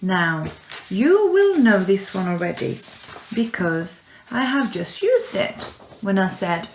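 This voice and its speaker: Woman, French teacher, slow patient delivery, gravelly edge, roomy echo. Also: mid-range voice, sing-song, a little hiss or hum. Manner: slow and patient, stretching out words for pupils to repeat. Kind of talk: slow, clear classroom instruction.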